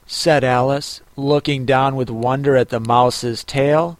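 A man reading a children's classic aloud in measured storybook narration. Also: on the high side, dry recording. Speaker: audiobook reader.

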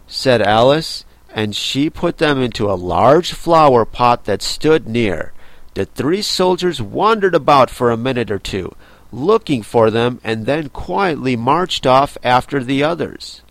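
Man, audiobook narrator, gravelly voice, lively pitch, slow, dry close sound. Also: no echo. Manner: expressive, unhurried reading. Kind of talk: storybook reading.

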